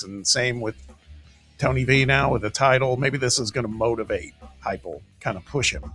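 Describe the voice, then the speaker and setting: A man co-hosting sports talk radio in a casual, conversational way. He rises in pitch and volume as he argues a point, with faint music in the background. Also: normal speed. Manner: conversational, rises excitedly while making a point.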